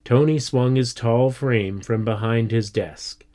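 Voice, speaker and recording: A man reading a children's story aloud as narrator, deliberate and steady. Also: mid-range voice. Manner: slow, deliberate. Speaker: reader.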